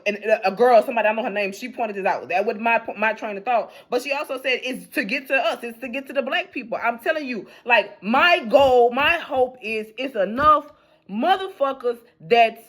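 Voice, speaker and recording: A woman's voice: fairly high pitch, expressive, moderate pace. A young adult woman, giving her blunt, rambling, profane opinions in a casual unscripted news rant. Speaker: news commentator vlogger.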